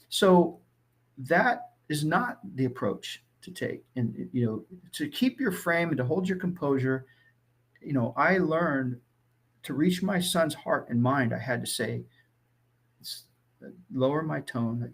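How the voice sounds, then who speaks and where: A middle-aged man, a guest, telling stories in an animated way that swings between loud and soft. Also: on the high side, moderate pace, breathy edge. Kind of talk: casual storytelling.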